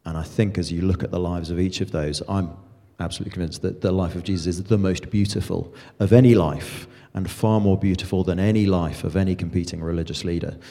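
Deep mellow guy asking questions, thoughtful, echoey hall. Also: fairly even intonation, a little fast, gravelly, few pauses. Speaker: interviewer posing questions. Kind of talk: conversational Q&A. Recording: long hall reverb.

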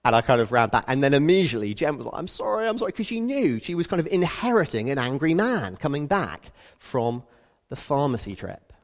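A British man preaches in an easy, conversational way, telling everyday stories and slipping into the voices of the people in them. His pitch rises and falls a great deal as he goes. The sound rings with the long echo of a church hall. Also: a little fast. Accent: British English. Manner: lively storytelling, acts out quoted people. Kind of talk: conversational sermon.

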